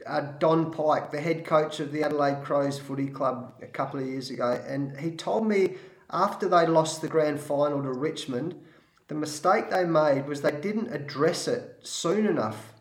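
Australian man, middle-aged, former coach, animated storyteller, repeats words, fairly high voice, echoey room. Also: normal speed. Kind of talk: storytelling in a panel talk.

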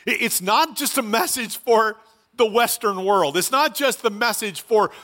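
A man preaching a sermon as pastor, earnest and conversational with animated asides. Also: high-pitched, a little slow.

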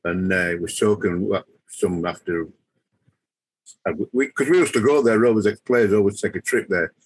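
A man's voice: fairly low pitch, normal speed, slightly rough, poor audio. An older man, a former player, telling anecdotes as a guest in casual podcast chat. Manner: anecdotal, chuckling storyteller.

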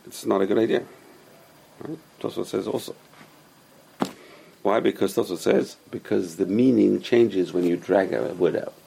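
Gravelly husky guy teaching a class, keeps repeating himself to drive it home. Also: lowish voice, a little mellow. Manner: insistent, repeats points and drills pronunciation. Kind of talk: casual religious lesson to a small class.

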